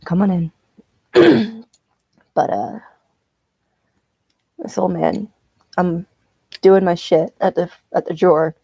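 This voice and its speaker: A woman chats casually as she knits, ranting and swearing freely. Her voice sounds mellow and dark. It is recorded dry and close, with no room sound. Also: on the low side, fairly even intonation, takes it slowly, vocal fry, pauses often, dry recording. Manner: profane, ranting storyteller. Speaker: streamer. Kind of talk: casual chat while knitting.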